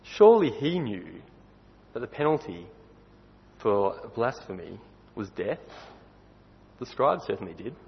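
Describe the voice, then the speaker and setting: Husky man preaching in a hall. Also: lowish voice, very animated, a little slow, pauses often. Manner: conversational, asks the listeners questions. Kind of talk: sermon. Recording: dull recording with long hall reverb.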